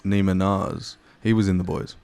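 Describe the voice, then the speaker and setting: Deep-voiced man hosting a podcast. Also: level tone, normal speed, a little mellow, smooth. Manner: brief affirming interjections. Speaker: podcast host. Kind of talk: casual podcast chat.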